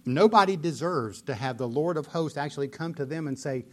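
A man's voice: fairly high pitch, brisk, a little mellow. A man preaching a sermon, explaining scripture earnestly and pressing points with emphatic repetition. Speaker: pastor.

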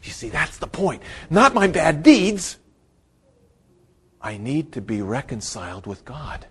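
A pastor preaching in a lively voice, pitched a little above the usual for a man. His delivery swings between loud, emphatic bursts and hushed asides. He often repeats phrases to drive a point home. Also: takes it slowly, husky. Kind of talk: sermon.

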